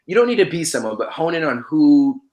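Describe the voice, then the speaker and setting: A man's voice: a little high, very animated, fairly quick, darkish tone, highs cut off. A young man in casual podcast chat, laid-back and slangy, rambling with lots of fillers. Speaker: podcast guest, former reality show contestant.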